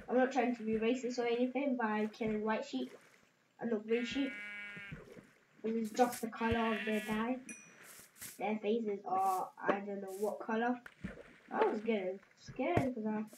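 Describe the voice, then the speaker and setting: A woman hosting a gaming channel, chatting in a rambling, jokey way to her viewers while she plays. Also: fairly high pitch. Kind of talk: casual let's-play commentary. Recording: echoey room with clear background noise.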